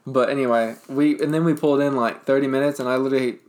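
A man's voice: mid-range voice, steady tone, fast talker, a little mellow. A man chatting casually with friends, rambling with lots of fillers and restarts. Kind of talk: casual chat.

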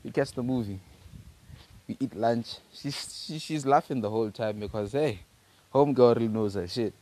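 A man's voice: medium pitch, moderate pace, darkish tone. A teenage man from Africa, telling a loose, slangy story on his own podcast, full of restarts and repeated words. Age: teens. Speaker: podcast host.

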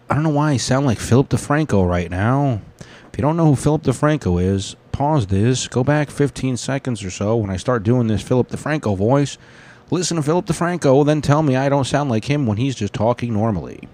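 A man's voice: mid-range voice, animated, normal speed, a little mellow. A man ranting casually to his viewers in a rambling, profane way, full of restarts. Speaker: vlogger. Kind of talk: casual rant.

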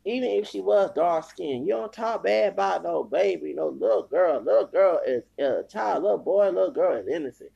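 A man hosting a podcast launches into a heated, profane rant and keeps circling back to the same phrases. His voice sits a bit high for a man but is deeply gravelly and husky, with a dark, mellow timbre. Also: animated, moderate pace, few pauses, muffled recording. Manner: heated, profane ranting with repetition. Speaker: podcast host.

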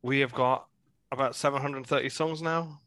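A man's voice: medium pitch, normal speed, no room sound. A man hosting a podcast, chatting casually and teasing his guest with a laugh. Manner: relaxed, laughs easily, teasing questions. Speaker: podcast host. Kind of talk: casual chat.

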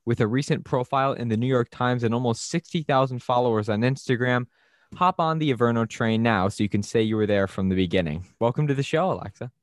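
A young podcast co-host in relaxed, agreeable chat who also reads a guest introduction. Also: medium pitch, fast talker, dry recording.

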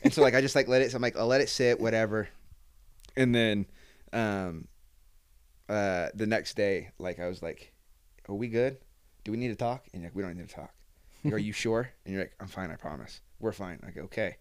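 A man's voice: on the low side, fairly quick, clean tone. Young male host, loose storyteller, lots of "like" and "um". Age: young adult. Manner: rambling storyteller with many fillers and acted-out quotes. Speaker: podcast host. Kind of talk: casual chat.

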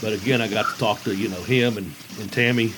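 Halting man interviewer, faint noise. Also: fairly low pitch, steady tone, fairly bright tone, poor audio. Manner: halting, full of fillers, rambling questions. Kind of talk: casual interview.

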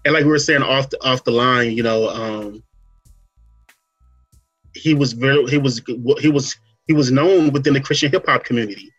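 A man hosting a podcast, talking through a story in a relaxed casual way, full of fillers and asides. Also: medium pitch, normal speed, breathy edge, highs cut off, soft background music. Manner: relaxed storytelling, many fillers and "you know what I'm saying". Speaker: podcast host. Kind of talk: casual chat.

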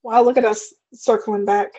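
A woman's voice: fairly high pitch, fairly even intonation, normal speed, darkish tone, husky. A young woman co-hosting a casual podcast, chatty and rambling, laughing often. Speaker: podcast co-host. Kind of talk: casual chat. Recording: slightly dull lo-fi sound.

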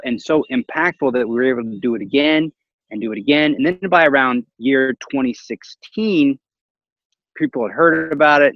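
Recorded with no echo and the high frequencies cut off, a man with a mid-range voice tells a casual story. He laughs a lot and brings the characters to life by acting out their voices.

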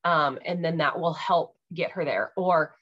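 A woman in her thirties hosts a podcast about parenting, chatty and full of ums and likes, laughing easily. Her voice is low and husky, her pace measured, and the recording sounds muffled.

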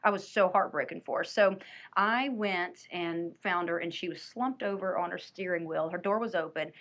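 A woman telling a personal story in an animated, earnest way, often restarting her sentences. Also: fairly low pitch, moderate pace.

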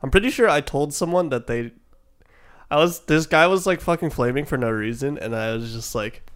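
A young man co-hosting a podcast, telling stories with a teasing, deadpan edge and swearing freely. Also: on the high side, a little fast, clean tone. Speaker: podcast co-host. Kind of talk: casual chat.

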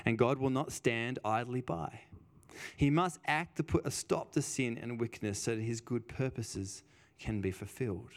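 Man preaching with a smooth, resonant voice. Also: medium pitch, moderate pace. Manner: emphatic, repeats phrases for weight; conversational, tells personal stories. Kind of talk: sermon.

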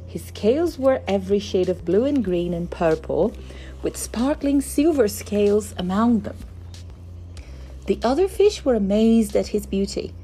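A woman reading a children's picture book aloud in an expressive storytelling manner. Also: medium pitch, a little slow, a little hiss or hum. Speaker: narrator. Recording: faint background music.

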